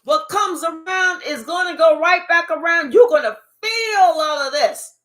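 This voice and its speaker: A woman voicing God as a loud, taunting divine voice that sings out its threats. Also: very high voice, animated, measured pace, pitched above the performer's own voice, exaggerated voice. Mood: gloating. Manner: shouting, sing-song threats.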